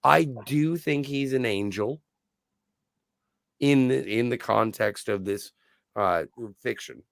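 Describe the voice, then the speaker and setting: A man's voice: mid-range voice, takes it slowly, vocal fry, a bit bright, no room sound, clean studio sound. A man co-hosting a podcast, talking in a thoughtful, searching way with fond praise. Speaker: podcast co-host. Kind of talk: casual podcast discussion.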